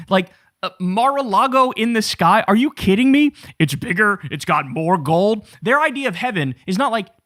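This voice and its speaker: A man's voice: high voice, no room sound, studio quality. A man hosting political commentary in a casual, profane, mocking rant. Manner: mocking, animated, swears a lot, says bro.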